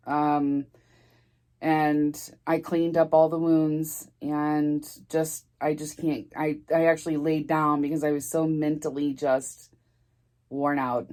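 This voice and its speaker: A middle-aged woman vlogger telling a story in a halting, rambling way, near tears. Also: sits low, a little mellow. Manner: rambling, halting, emotional, restarts often. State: tearful, near crying. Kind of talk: casual storytime vlog.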